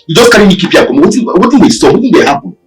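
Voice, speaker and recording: A jealous, quarrelsome village boyfriend, speaking in a Nigerian Pidgin accent. His scolding comes out fast and swings widely in pitch. He sounds set back from the mic, with film music underneath. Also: very animated, far from the mic, rough recording. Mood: angry. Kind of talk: Nollywood film acting.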